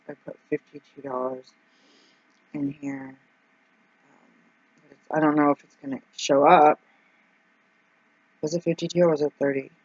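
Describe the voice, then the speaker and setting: A woman vlogging casually as she works through her budget out loud, anxious and rambling, with frequent ums and exclamations. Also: low voice, slightly rough, dry recording, lo-fi sound. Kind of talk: casual vlog, thinking aloud over budget.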